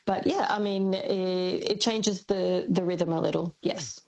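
A woman's voice: on the low side, fairly even intonation, unhurried, vocal fry, a little mellow, low-quality recording. A woman from Melbourne with an Australian accent, explaining language on radio in a thoughtful, hesitant way. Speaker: linguistics expert guest.

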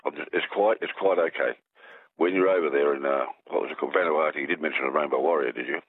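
A deep-voiced Australian man rambles and jokes as a phone-in caller, restarting his sentences often. His husky voice comes through a tinny, dry phone line. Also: fast, no room sound. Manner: rambling, jokey, restarts a lot.

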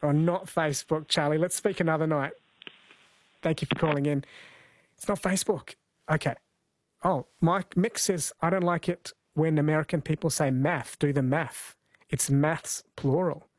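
Aussie guy hosting a radio quiz, friendly and chatty, slightly high voice, dry sound. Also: fairly even intonation, moderate pace, dry recording. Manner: friendly, chatty, laughs easily. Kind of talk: casual late-night radio chat.

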